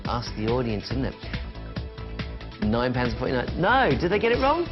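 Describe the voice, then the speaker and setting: A man presents a live shopping channel, chatting and counting down prices in a TV sales pitch. His mid-range voice swoops wildly in pitch at normal speed, and the broadcast sounds dull and lo-fi with music behind.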